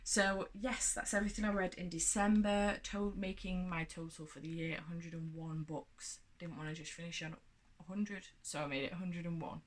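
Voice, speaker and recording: A woman's voice: fairly low pitch, fairly even intonation, normal speed. A woman vlogger talking casually and at length through her month of reading, rambling with lots of fillers and restarts. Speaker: book vlogger. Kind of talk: casual monthly book wrap-up chat.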